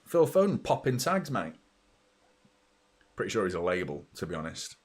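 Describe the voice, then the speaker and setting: A middle-aged man, hosting a live football watchalong, chatting and reacting loudly to the play, with some swearing. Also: low voice, sing-song, normal speed. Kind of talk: live match watchalong commentary.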